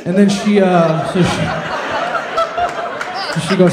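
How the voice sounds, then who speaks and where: Brief: male stand-up comic with a higher voice, self-deprecating storyteller, echoey club mic. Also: steady tone, slow pace, long pauses, background noise. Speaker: stand-up comedian. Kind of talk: stand-up set. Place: comedy club stage.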